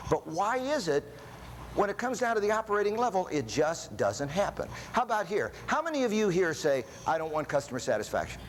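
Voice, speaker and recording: Animated older man telling stories at a seminar. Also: on the high side, a little hiss or hum. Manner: animated storyteller, jokey, asks the audience questions. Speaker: seminar speaker. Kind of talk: storytelling seminar talk. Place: seminar room before an audience.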